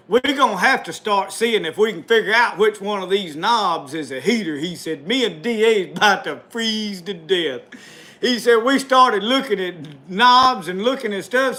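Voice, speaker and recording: A man spins a folksy tall tale in thick rural dialect. His voice sits very high and rings bright. He keeps breaking into chuckles at his own story.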